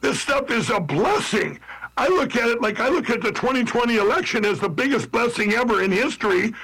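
High-voiced rambling man. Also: expressive, a little fast, fairly bright tone, slightly rough, poor audio. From Minnesota. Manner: rambling, frequent restarts, addresses listeners as everybody. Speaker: political candidate guest. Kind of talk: interview talk.

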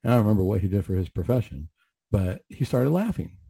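A man's voice: fairly low pitch, very animated, fast talker, vocal fry, warm tone, slightly rough, dry recording. A man, a mental health clinician, telling a story on the radio in an earnest, reflective way with frequent restarts.

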